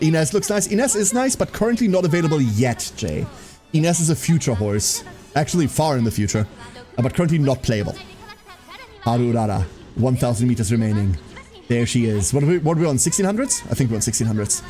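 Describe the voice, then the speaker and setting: A man with a German accent, German native speaker, chatting casually on a gaming stream and cheering on races like an excited commentator. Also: mid-range voice, brisk, faint music behind. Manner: chatty, excitable, jokey, slips into hyped race commentary.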